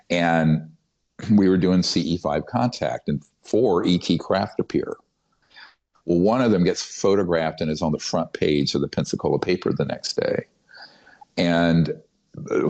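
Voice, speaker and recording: Very deep-voiced older man. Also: darkish tone. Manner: emphatic and conspiratorial, with frequent fillers and restarts. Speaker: podcast guest. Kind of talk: long-form interview storytelling. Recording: dull, muffled podcast audio.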